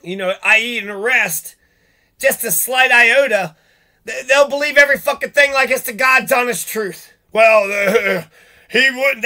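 A man's voice: high voice, pushed and bright. A man venting in a profane, sarcastic, rambling monologue, swearing often and mocking the people he is angry at. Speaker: vlogger.

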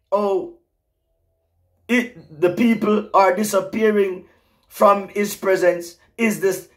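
A middle-aged man preaching an emotional prophetic sermon, rising to fervent exclamations. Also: high-pitched.

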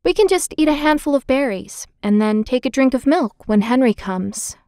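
A woman voicing a gentle young girl who speaks softly and a little anxiously in a storybook reading. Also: sits high, animated, moderate pace, dry recording, studio quality, pitched above the performer's own voice. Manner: soft and anxious.

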